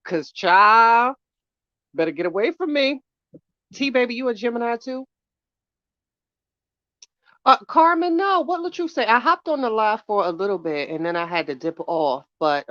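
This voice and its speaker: A woman hosting a casual live stream, hoarse from a chest cold, chatting with viewers and greeting them by name. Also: medium pitch, normal speed, a bit bright, no echo, dull audio. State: hoarse from bronchitis. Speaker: podcast host doing a live stream. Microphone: phone.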